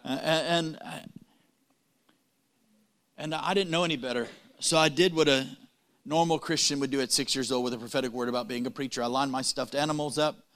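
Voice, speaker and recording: Preacher guy telling a story in his sermon, middle pitch, cracks little puns. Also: fairly even intonation, fairly bright tone. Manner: storytelling with quick puns and asides.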